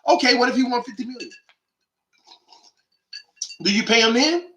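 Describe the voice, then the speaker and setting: A man's voice: very high-pitched, normal speed, pushed and bright, echoey room. A man hosting a call-in sports show, delivering an emphatic, slangy monologue full of rhetorical questions. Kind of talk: animated opinionated monologue.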